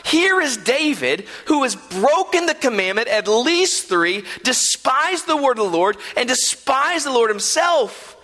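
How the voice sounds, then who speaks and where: Man preaching a sermon, high voice that swings all over, earnest, keeps saying right?, echoey hall. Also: big pitch swings, measured pace, hardly any pauses, bright, forceful tone. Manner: earnest, emphatic, with frequent rhetorical "right?". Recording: long hall reverb.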